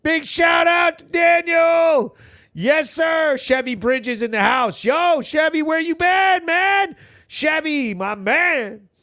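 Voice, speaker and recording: A man hosting a local news recap show, telling stories in a crude, animated way with loud shout-outs and frequent laughter. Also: extremely high pitch, takes it slowly, no room sound, clean studio sound. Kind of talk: casual profane storytelling.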